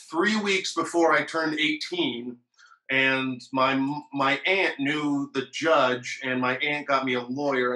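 A man's voice: mid-range voice, pushed and bright, reverberant, low-quality recording. A man, a podcast host, telling a rambling story in casual chat, swearing freely.

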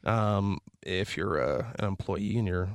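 A man's voice: sits low, a little slow, clear, resonant tone, dry recording. Teasing man asking leading questions. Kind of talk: casual chat.

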